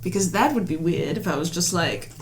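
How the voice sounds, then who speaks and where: A woman player speaking in character in a tabletop game, hesitant and halting. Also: lowish voice, expressive, noisy background. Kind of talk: in-character tabletop role-play.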